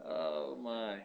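A man preaching a sermon, telling stories and swinging from quiet asides to loud, high exclamations. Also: creaky, lo-fi sound. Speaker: pastor.

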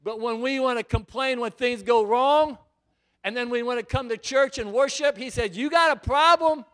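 A man preaching a sermon in church, reading scripture aloud and swinging between hushed, intimate passages and loud, fervent declarations. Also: extremely high pitch, fairly even intonation, normal speed.

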